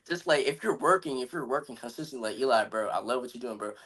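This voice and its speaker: A man's voice: medium pitch, lively intonation, fast, fairly bright tone, breathy edge, poor audio. A man in casual podcast chat, speaking earnestly about motivation and staying true to himself, often saying "bro" and "you feel me". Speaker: podcast guest.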